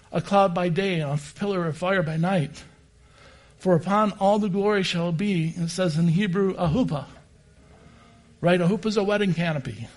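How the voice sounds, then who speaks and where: A man preaching a sermon and reading scripture passages aloud. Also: high-pitched.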